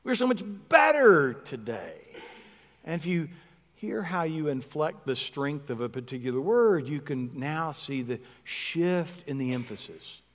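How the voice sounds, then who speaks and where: A man's voice: a little high, measured pace, big-room sound. A man preaching a sermon in a reflective, conversational way, repeating words to stress a point.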